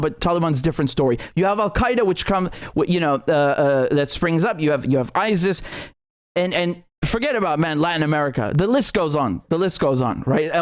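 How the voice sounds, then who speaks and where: A British commentator rants in outrage, swearing and repeating himself. His voice sits a little high, and the sound is dry and close, with no room at all. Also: no room sound. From Britain. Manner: outraged, profane and repetitive. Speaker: political commentator. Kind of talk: indignant commentary.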